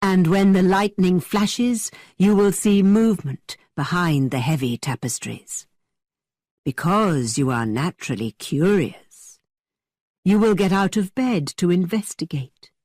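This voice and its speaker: A woman voicing a teasing young man who tells spooky tales in a dramatically low voice. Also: measured pace, no room sound, studio quality. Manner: dramatically low, hushed storytelling.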